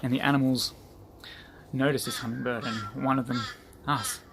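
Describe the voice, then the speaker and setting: A man's voice: medium pitch, steady tone, moderate pace, gravelly, a bit bright, slight background noise. A man giving an earnest motivational talk to his group, repeating phrases for emphasis. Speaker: group leader.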